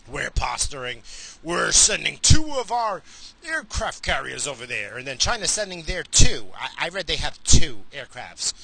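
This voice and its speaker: Crude, bright-voiced man ranting while driving. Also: mid-range voice, a little hiss or hum. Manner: crude, rambling, swears constantly. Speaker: vlogger. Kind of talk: profane rambling rant while driving. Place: car, driving.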